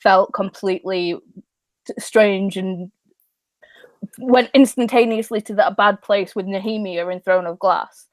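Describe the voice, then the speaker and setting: A woman's voice: medium pitch, a little slow, dry recording. A woman discussing a book on a video call, thoughtful and laughing between her points. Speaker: guest on a book live show. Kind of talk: casual chat.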